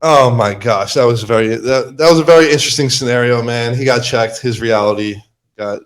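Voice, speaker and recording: A young man hosting a podcast, telling a story with animated energy and loudly acting out what was said. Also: medium pitch, a little fast. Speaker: podcast host. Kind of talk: casual chat.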